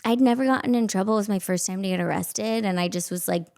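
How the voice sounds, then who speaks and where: A woman's voice: mid-range voice, fast talker, vocal fry, a little mellow. A woman in her thirties from Texas hosting a podcast, chatting casually with frequent "like" and laughter. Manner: chatty, laughs often, lots of "like". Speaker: podcast host. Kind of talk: casual chat.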